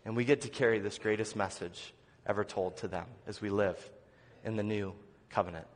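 A male pastor preaching an earnest sermon, asking the congregation questions and dropping to soft, low lines. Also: fairly even intonation, fairly quick, big-room sound, a little hiss or hum. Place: church sanctuary.

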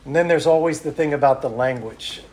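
Animated high-voiced male preacher. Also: fairly quick, echoey room. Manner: animated, acts out quotes. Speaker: missionary preacher. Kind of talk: sermon with stories.

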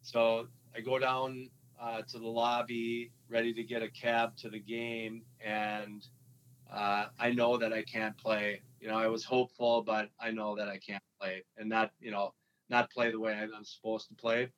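Low, even-voiced man telling a story. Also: slight background noise, low-quality recording. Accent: Minnesotan. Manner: halting, with frequent fillers and restarts. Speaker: guest, former hockey player. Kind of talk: relaxed storytelling interview.

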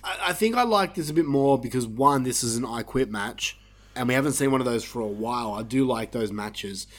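A man's voice: mid-range voice, brisk. A man co-hosting a podcast, reviewing wrestling matches in a casual, sarcastic, swearing chat. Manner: animated, sarcastic, swears, laughs often. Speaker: podcast co-host.

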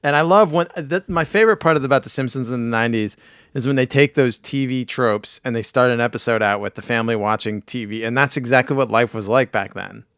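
A man with a hoarse, failing voice, casually recapping a cartoon episode with laughs and restarts. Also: mid-range voice, fast talker, a bit bright, dry recording, studio quality. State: hoarse, losing his voice. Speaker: podcast host. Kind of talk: casual chat.

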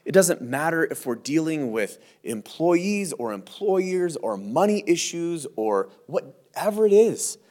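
A male pastor gives a verse-by-verse teaching in a slightly high, very animated voice. He talks conversationally and presses his points hard, often restarting and repeating words as he goes. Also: measured pace, few pauses.

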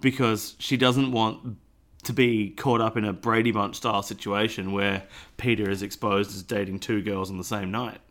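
A man's voice: on the low side, fairly even intonation, moderate pace, fairly bright tone. A man co-hosting a podcast in casual chat, with dry, rambling jokes. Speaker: podcast co-host.

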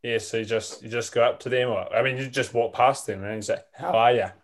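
A man's voice: mid-range voice, fairly even intonation, fast. A man telling a rambling, hesitant story as a student in an improv class.

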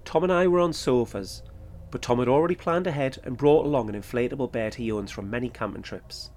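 Male podcast host reading a first-person account, even and matter-of-fact, mid voice. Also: mid-range voice, a little fast. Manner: steady, matter-of-fact storytelling. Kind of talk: scripted first-person narration.

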